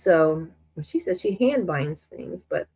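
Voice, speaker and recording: A woman's voice: fairly low pitch, very animated, takes it slowly, dark tone, slightly rough, rough recording. A woman hosting a sewing live stream, chatting in a rambling way with many restarts while she works, stuffy from a lingering cold. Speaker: sewing channel host.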